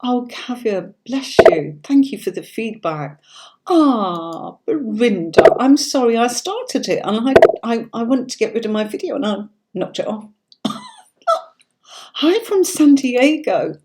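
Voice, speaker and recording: A woman's voice: fairly high pitch, lively intonation, unhurried, heavy background noise. A middle-aged woman from Yorkshire with a neutral standard British accent, hosting a live-streamed tarot reading in a chatty, reassuring way and often checking in with "okay?". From Yorkshire, England. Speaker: tarot reader and livestream host.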